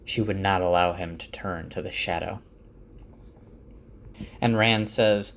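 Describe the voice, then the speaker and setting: Low-voiced man casually summarizing a book. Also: steady tone, measured pace, pauses often, fairly bright tone. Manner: casual, full of "like" and "uh".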